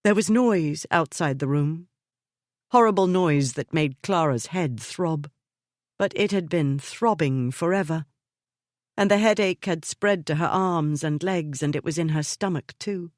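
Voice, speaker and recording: A woman narrating a historical romance audiobook in a measured, even storytelling manner. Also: low voice, dry recording, clean studio sound. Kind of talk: scripted narration of a romance novel.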